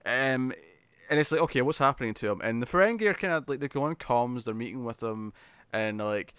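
A man's voice: medium pitch, expressive, fairly quick, a bit bright, clear, resonant tone, dry recording. A man chatting casually as a podcast co-host, laughing and acting out characters' lines as he recaps an episode.

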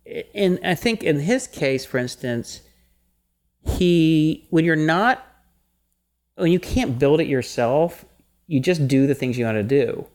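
A man co-hosting a casual podcast chat, animated and rambling, often breaking into laughter. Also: a little high, slow pace. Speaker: podcast co-host.

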